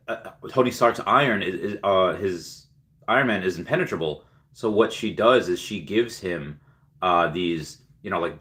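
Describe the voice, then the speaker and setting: Guy on a livestream just chatting and rambling, lots of uhs and likes, lowish voice but bright and punchy. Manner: rambling, filler-heavy storytelling. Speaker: livestream host. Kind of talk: casual livestream chat.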